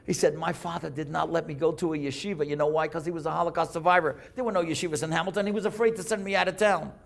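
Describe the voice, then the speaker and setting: A man, a rabbi telling a story to a congregation, dropping to a hushed voice at moving moments and rising for emphasis. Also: a little high, fairly even intonation, racing, creaky. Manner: dramatic storyteller, drops to a hushed voice for emotional moments, rises for emphasis. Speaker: rabbi and speaker. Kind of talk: storytelling lecture. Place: synagogue lecture hall.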